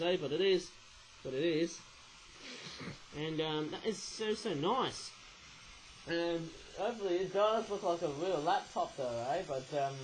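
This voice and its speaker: A man with a high-pitched voice chats casually through a toy review, rambling from one thought to the next. He keeps pausing to hunt for words and ends many phrases with a quick "eh?". A faint hiss sits under the recording. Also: a little mellow, poor audio. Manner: often gropes for words aloud.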